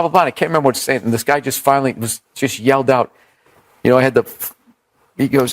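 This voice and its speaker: Talking quickly in a mid-range voice, this comic rambles through casual podcast stories. He swears freely and imitates voices when quoting others.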